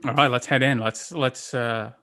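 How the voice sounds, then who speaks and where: A man's voice: mid-range voice, steady tone, moderate pace, pushed and bright. A man player at a tabletop game, talking casually in a wry, jokey way about his character. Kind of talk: casual table talk while playing a character.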